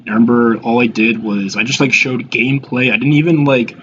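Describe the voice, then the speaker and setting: A man's voice: medium pitch, a bit bright, a little hiss or hum. Rambling young man, dull lo-fi sound. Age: 20s. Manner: rambling and halting, with many fillers and restarts; self-deprecating. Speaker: YouTuber reacting to his old videos. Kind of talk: casual reaction commentary.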